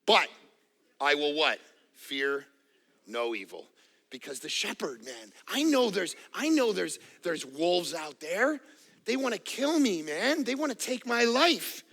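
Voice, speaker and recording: A middle-aged man preaching a sermon as a pastor, animated, acting out little voices and jokes. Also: sits high, unhurried, creaky. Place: church auditorium.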